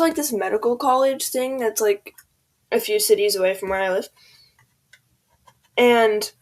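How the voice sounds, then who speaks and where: A teenage girl rambling casually through a storytime over gameplay, full of "like" and "um", quoting people as she goes. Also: medium pitch. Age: teens. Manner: rambling, filler-heavy, quotes people in voices. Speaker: gaming video creator.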